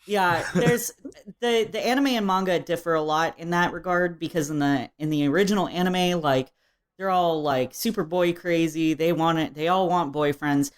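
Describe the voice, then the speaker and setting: A woman's voice: fairly low pitch, normal speed. A woman co-hosting a podcast, recapping a game in casual chat with frequent laughs and fillers. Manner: chatty, laughs often, lots of fillers. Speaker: podcast co-host.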